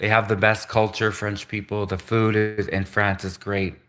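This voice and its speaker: A man's voice: on the low side, little pitch movement, moderate pace, fairly bright tone. A man from Canada rambling through a casual solo livestream monologue, repeating himself and giggling between asides. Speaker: livestream host.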